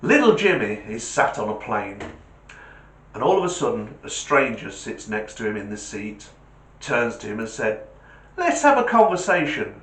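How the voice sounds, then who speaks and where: A man, hosting a comedy channel and telling jokes in an animated, punchy way. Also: fairly low pitch, normal speed. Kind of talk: joke telling. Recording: echoey room.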